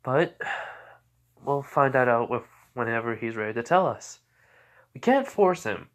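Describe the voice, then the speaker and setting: A man's voice: mid-range voice, animated, unhurried, lightly acted. A man voicing a prim, serious teenage girl in a casually told fan story.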